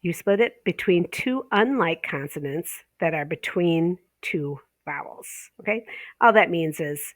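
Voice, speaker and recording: A woman teaching a pronunciation course, explaining step by step, tagging "okay?" onto her points and drawing out example words slowly. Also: lowish voice, expressive, no echo. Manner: explanatory, checks in with frequent "okay?"; slows and stretches example words. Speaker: ESL teacher trainer. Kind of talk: online course lesson.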